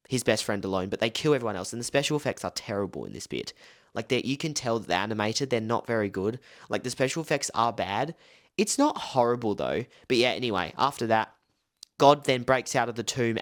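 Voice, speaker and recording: A young film reviewer loosely recaps a movie in a casual spoken breakdown, rambling and peppering his talk with "like" and "um." His voice is medium in pitch and a bit bright.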